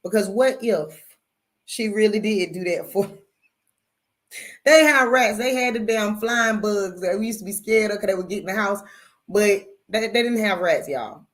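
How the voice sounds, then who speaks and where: A woman host telling a story in casual, animated talk, calling her listeners y'all and swearing freely. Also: mid-range voice, a little slow. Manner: animated, profane, addresses audience as y'all.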